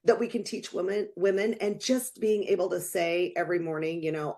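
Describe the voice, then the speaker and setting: Earnest woman with a lowish voice. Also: a little fast, hardly any pauses, warm tone. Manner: earnest, heartfelt, many fillers. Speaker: podcast co-host. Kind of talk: casual motivational chat.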